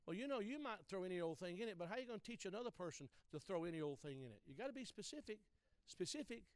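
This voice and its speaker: Male preacher, high and resonant, teaching sermon, emphatic repetition, close dry mic. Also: animated, very fast, no room sound. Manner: emphatic, repeats key phrases, addresses listeners directly.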